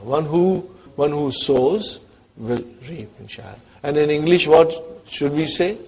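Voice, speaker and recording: A man teaching an Arabic grammar class, coaxing his students and checking in with them often, his voice dropping away quietly at the ends of phrases. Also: fairly high pitch, big pitch swings, normal speed, husky.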